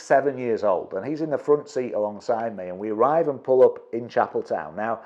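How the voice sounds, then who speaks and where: A middle-aged man, a property investment trainer, tells a story to an audience, acting out his own quotes with quick restarts. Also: medium pitch, darkish tone, muffled recording.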